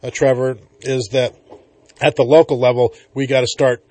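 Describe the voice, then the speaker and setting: A man's voice: mid-range voice, little pitch movement, moderate pace, a little mellow. A man hosting a talk radio show, speaking casually with lots of filler sounds. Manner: casual, many filler uhs. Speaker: radio host.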